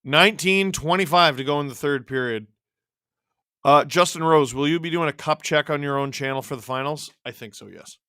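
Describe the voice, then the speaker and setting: Hosting a live watch-along stream, this man calls the action, lets out yelps and shouts at the big moments, and banters jokingly with viewers. His fairly high voice moves at normal speed, with a clean tone in a dry, studio-quality recording.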